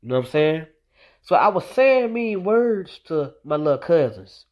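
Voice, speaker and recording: A man's voice: a little high, big pitch swings, moderate pace, a little mellow. A young man telling a personal story in a casual monologue, emphatic and repetitive as he drives his point home. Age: young adult. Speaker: vlogger.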